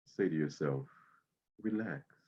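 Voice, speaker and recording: A man leading a guided breathing meditation, speaking slowly and soothingly with long pauses. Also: a bass voice, a little mellow, slightly rough, highs cut off.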